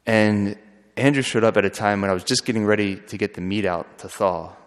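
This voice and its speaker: A man who is a friar, telling a story in an earnest, halting way with frequent restarts. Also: lowish voice, steady tone. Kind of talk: storytelling talk. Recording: long hall reverb.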